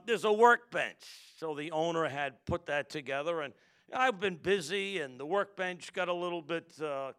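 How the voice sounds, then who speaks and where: Middle-aged male pastor, high smooth voice, animated preaching with call-and-response. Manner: animated storytelling, calls congregation to respond. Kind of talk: sermon with personal story.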